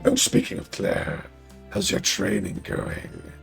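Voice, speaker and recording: A man voicing a calm, composed woman office worker, reading game dialogue aloud on a stream with a creaky, gravelly put-on voice and a wry, teasing manner. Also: fairly low pitch, slow, faint music behind, full character voice.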